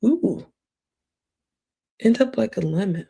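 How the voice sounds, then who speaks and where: A woman's voice: medium pitch, normal speed, vocal fry, mellow, breathy edge. A woman livestreamer with a cracking voice, giving rambling, gossipy late-night commentary with whispered asides.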